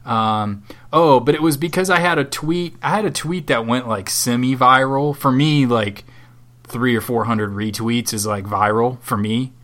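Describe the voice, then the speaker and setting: A man's voice: mid-range voice, normal speed, a bit bright. Sardonic, profane man in casual chat. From Southwest Florida. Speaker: podcast co-host.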